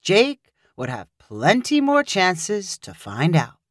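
A woman narrating a short story in a measured, expressive reading voice. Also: lowish voice, no room sound, studio quality.

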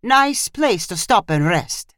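A storyteller voicing a brisk male horse-ride guide who calls out orders to the group. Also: medium pitch, very animated, no echo, studio quality. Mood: wistful. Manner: loud, bossy, upbeat. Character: male ranch guide Pancho, brisk and commanding.

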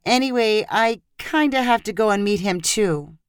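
A woman voicing a timid young woman confessing a secret, speaking weakly in a raised pitch. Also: expressive, moderate pace, clean tone, no room sound, clean studio sound, natural voice. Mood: sheepish. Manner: weak, hesitant. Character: shy, sheepish young woman friend.

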